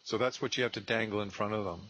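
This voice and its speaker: A man coaching a trainee one on one on real estate prospecting, animated and acting out sales scripts. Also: on the low side, fast talker, rough recording.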